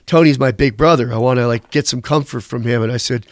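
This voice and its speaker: A man in his fifties, a former band bassist, telling candid, profane stories in a rambling interview. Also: fairly even intonation, quick pace, hardly any pauses, no echo, clean studio sound.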